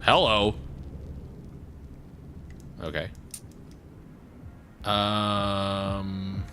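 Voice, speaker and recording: A young man casually chatting as he plays a video game on stream, reacting loudly to surprises. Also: fairly low pitch, drawn-out words, a little hiss or hum. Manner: animated, exclaims at surprises. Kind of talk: casual let's-play chat.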